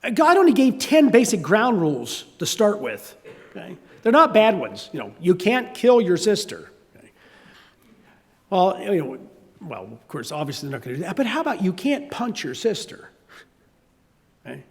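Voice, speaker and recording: A man's voice: high voice, huge pitch swings, normal speed, in a large hall. An older man preaching a sermon, telling a story with conversational asides. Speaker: pastor.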